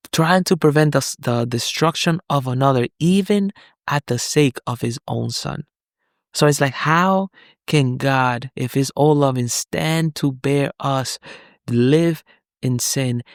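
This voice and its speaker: Gravel-toned male Bible teacher, mid-pitched, earnest and off-the-cuff, close dry sound. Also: dry recording. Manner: earnest, candid, often checks in with the listener. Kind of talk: conversational Bible study talk.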